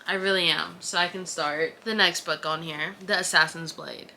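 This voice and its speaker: A woman in her twenties chatting casually to camera about books, animated and dramatic in her reactions. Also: mid-range voice. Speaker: book vlogger.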